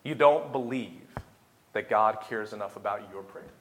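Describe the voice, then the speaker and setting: A man's voice: on the low side, moderate pace, slight background noise. A young man preaching a sermon, building to emphatic, repeated climaxes. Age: young adult. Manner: preaching with rising intensity and emphatic repetition. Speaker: pastor. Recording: echoey room.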